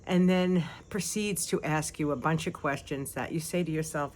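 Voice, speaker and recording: An older woman, a grandmother, chatting casually and lively to her vlog viewers, laughing often, on a phone held at arm's length. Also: deep voice, moderate pace. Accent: non-local accent. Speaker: vlogger.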